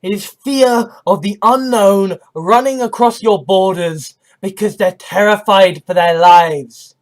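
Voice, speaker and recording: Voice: mid-range voice, slow. An English-accented speaker holds forth in a fiery monologue. The delivery is blunt and full of swearing. Short tag questions like "right?" and "you know?" keep coming up. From England. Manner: heated and profane, often asks "right?" or "you know?". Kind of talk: impassioned spoken rant.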